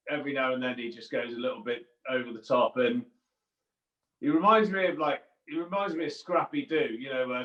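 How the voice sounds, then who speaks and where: A man's voice: mid-range voice, a bit bright, echoey room, distant mic, lo-fi sound. A man guest on a podcast, chatting and joking matily through cricket stories. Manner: chatty, jokey, matey storytelling. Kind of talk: casual anecdote telling.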